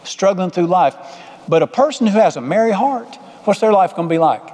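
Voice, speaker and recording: Man, pastor, folksy sermon, high-pitched, mellow tone, long hall reverb. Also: animated, fairly quick. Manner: folksy, conversational preaching with repeated phrases.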